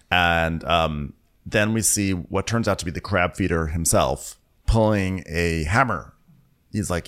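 A man co-hosting a podcast, chatting casually and jokily as he recaps a TV episode. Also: low voice. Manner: animated, jokey, acts out quotes in big voices. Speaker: podcast co-host.

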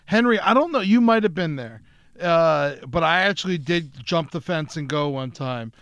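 A man's voice: a little high, moderate pace, smooth, no echo. A man co-hosting a podcast, telling stories casually and acting out confrontations. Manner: lively storyteller, acts out confrontations. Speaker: podcast co-host. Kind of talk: casual chat.

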